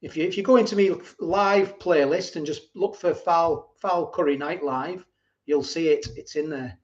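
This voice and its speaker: A man's voice: a little high, moderate pace. A middle-aged man chatting casually on a livestream, rambling and repeating himself as he answers viewers. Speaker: livestream host. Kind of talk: casual live chat reading viewer comments. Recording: dull lo-fi stream audio.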